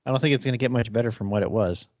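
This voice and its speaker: A man in his thirties co-hosting a podcast, chatting casually, blunt and quick to swear. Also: medium pitch, a little mellow, dry recording, lo-fi sound. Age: 30s. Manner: blunt, profane, swears freely. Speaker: podcast co-host. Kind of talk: casual chat.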